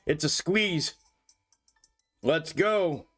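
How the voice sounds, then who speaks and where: A man hosting a casual stock market livestream, talking to his viewers, cursing freely and getting excitable over price moves. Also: a little high, very slow, soft background music. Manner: profane, excitable, talks to viewers as "y'all". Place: home desk setup.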